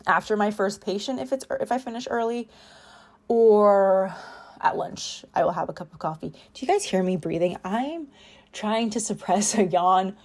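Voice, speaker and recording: A woman's voice: mid-range voice, expressive, normal speed, a little mellow. A young woman chatting casually in a home voiceover about her planner and week, rambling and self-deprecating. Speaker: planner vlogger. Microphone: home voiceover mic.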